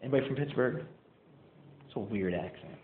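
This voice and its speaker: A man's voice: medium pitch, fairly quick, a little hiss or hum. A man telling his recovery story to a live audience in a casual, self-mocking way, full of fillers and acted-out quotes. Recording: tinny, echoey hall recording.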